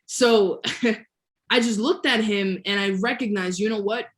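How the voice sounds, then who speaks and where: A woman's voice: mid-range voice, a little slow. Young woman guest, chatty storyteller, casual interview. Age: young adult. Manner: lively storyteller, laughs often, stretches key words. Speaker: guest, entrepreneur.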